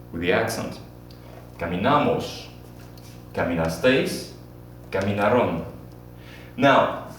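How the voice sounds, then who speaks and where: A man teaching a Spanish grammar lesson at the board, repeating key points and drilling forms for students to repeat. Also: medium pitch. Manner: repetitive, drills students with call-and-response. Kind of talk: classroom lesson at a whiteboard. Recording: very echoey room, distant mic, faint hum.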